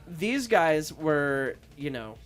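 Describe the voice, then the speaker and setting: A man's voice: fairly high pitch, big pitch swings, extremely slow, faint music behind. A man co-hosting a casual album review show, rambling through his points with lots of fillers and swearing. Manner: rambling, filler-heavy, profane. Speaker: podcast co-host.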